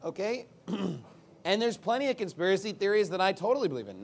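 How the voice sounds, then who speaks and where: A combative male preacher whose voice sits slightly high for a man. He swings between loud, punchy bursts and low, muttered asides, pressing every point hard and adding sarcastic jabs. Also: sing-song, fairly quick, creaky, slightly rough. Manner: big swings in pitch and loudness. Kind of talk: sermon.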